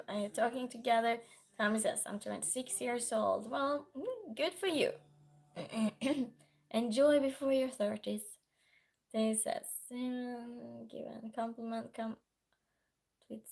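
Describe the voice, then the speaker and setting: Woman streamer, slow casual chat, gravelly and hoarse from a cold, reading chat out loud. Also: fairly high pitch. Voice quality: hoarse, keeps clearing throat. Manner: reads viewer messages aloud and chats back. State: has a cold, sore throat. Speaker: livestream host reading chat.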